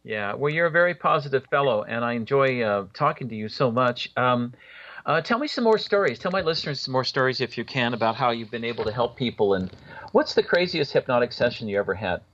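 A man's voice: mid-range voice, lively intonation, a little fast, a bit bright, highs cut off. A man hosting a radio show, asking his guest friendly, encouraging questions in a casual interview.

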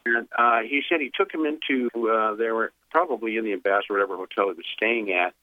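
A man phones into a radio show and, in a lowish voice and at a fast clip, tells a sprawling story riddled with "uh"s and restarts, animatedly recounting what happened. The audio is a dry, tinny phone line.

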